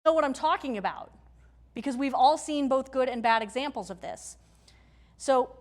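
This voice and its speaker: Woman workshop presenter, slightly high voice, chatty, emphatic, speaking into a mic before a room. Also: normal speed. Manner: conversational, emphatic, checks in with the audience. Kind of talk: live technical-community workshop talk. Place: meetup room with audience. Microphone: handheld or stage mic.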